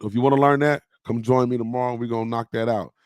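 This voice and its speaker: A man's voice: medium pitch, fairly even intonation, fast talker, clear, resonant tone, dry recording, clean studio sound. A man hosting a casual livestream, chatting loosely with his viewers and peppering his talk with "man" and "y'all". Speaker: podcast host on a livestream.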